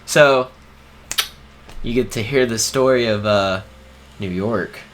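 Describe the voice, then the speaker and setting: A man's voice: medium pitch, takes it slowly, slight background noise. A young man co-hosting a podcast in casual chat, laid-back and easily amused. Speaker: podcast co-host.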